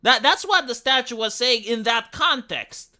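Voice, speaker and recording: A man's voice: very high voice, lively intonation, measured pace, sharp tone. A young man from Romania giving profane, opinionated commentary on a live stream, full of rhetorical questions.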